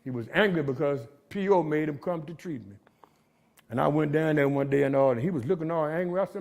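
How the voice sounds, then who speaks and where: High-voiced man telling his recovery story. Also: a little fast, a little mellow. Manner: storytelling, street slang, frequent "man" tags. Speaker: recovery speaker. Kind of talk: motivational recovery talk. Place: jail gathering room.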